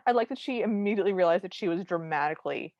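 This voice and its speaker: A woman co-hosting a podcast, chatting casually as she recaps a movie and briefly acts out characters' lines with animated energy. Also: on the low side, rapid-fire, no room sound, highs cut off. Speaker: podcast co-host.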